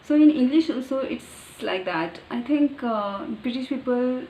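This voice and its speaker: A woman's voice: high voice, lively intonation, measured pace, mellow, a little hiss or hum. A woman with an Indian accent, a native Marathi speaker, earnestly explaining pronunciation step by step in a casual monologue. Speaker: vlogger. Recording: echoey room with faint ambience.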